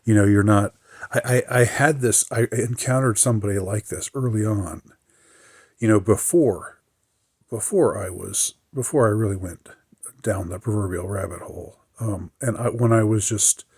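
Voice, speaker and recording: A man in a casual solo monologue, his voice low and a little husky. He halts often, restarts his sentences and fills pauses. The sound is dry and close, with no room around it. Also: darkish tone, dry recording. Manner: halting, many fillers and restarts; reflective, mildly aggrieved. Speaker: podcaster.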